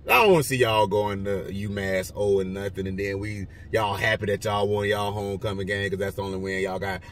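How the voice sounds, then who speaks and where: A man casually rambling through his football picks, joking and swinging between loud and quiet. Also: recorded from a distance. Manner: rambling, joking, lively swings in pitch and loudness. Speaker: vlogger giving football picks.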